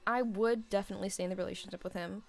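A young woman answers listener questions in a loose, rambling chat. She giggles often and fills her pauses with "um" and "like". Her voice carries a gravelly vocal fry, and soft music plays faintly underneath. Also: medium pitch, fairly even intonation. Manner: rambling and giggly, heavy on fillers. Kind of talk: casual chat.

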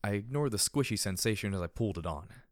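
A man narrates an audiobook in the first person with steady, low-key storytelling. His voice sits fairly low. The sound is close and dry with no room echo. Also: fast talker.

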